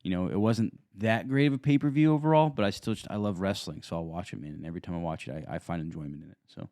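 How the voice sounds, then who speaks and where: A man's voice: low-pitched, fast talker, warm tone, dry recording, studio quality. A laid-back man co-hosting a casual podcast chat, full of "dude" and "man". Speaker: podcast co-host.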